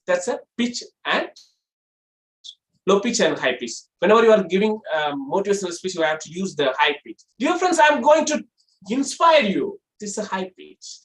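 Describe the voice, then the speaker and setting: A college lecturer teaches about voice modulation, explaining step by step and demonstrating with exaggerated pitch shifts. The recording has a roomy echo.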